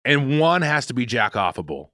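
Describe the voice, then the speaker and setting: A man's voice: medium pitch, big pitch swings, moderate pace, sharp tone, no room sound, clean studio sound. A man co-hosting a podcast in casual comedic chat, joking and playing with words, from Massachusetts. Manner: joking, playful, repeats words for laughs. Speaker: podcast co-host.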